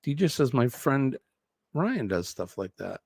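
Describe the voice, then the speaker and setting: A man's voice: medium pitch, sing-song, slow, creaky, slightly rough, no echo. A man from New Hampshire with a New England accent, hosting a live show in a jokey, chatty way and laughing often. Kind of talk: casual live-stream chat.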